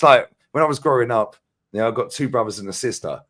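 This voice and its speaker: A man with a London accent holds forth in a casual football chat, his voice fairly low. He rants in long, sweary tangents as a panelist. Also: animated, a bit bright. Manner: ranting, sweary, fast-flowing.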